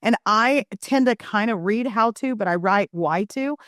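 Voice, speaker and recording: A middle-aged woman, a guest author, telling animated stories in a podcast interview and acting out family scenes. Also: mid-range voice, unhurried, dry recording, clean studio sound.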